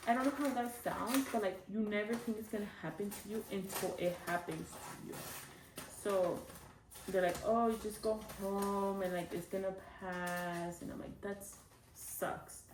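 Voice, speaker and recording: A woman's voice: medium pitch, noisy background. Young woman vlogging from an echoey room. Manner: chatty, many fillers. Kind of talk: casual storytelling. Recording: echoey room from a far mic.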